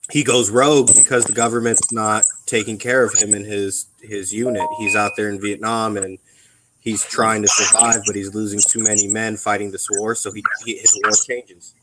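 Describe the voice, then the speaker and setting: A man's voice: on the low side, little pitch movement, moderate pace, heavy background noise. A man in casual chat about being a veteran, talking bluntly with plenty of ums and curses. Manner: rambling, blunt and profane, with many ums. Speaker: veteran on a live radio chat.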